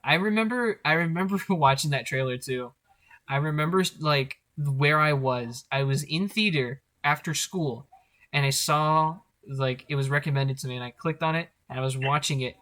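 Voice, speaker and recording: A young man with a slightly high voice talks in a casual podcast chat. He is animated and swears freely, often breaking into laughter. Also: moderate pace. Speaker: podcast co-host.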